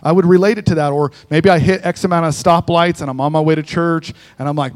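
A man's voice: fairly high pitch, steady tone, fast talker. A man preaching a sermon as a guest speaker in a church, conversational and joking, often checking in with the congregation. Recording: long echo of a large hall.

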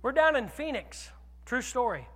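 A man preaching as a pastor tells a personal story, swinging animatedly between loud declarations and hushed asides. His voice is very high, his speed normal, and the sound is that of a big room.

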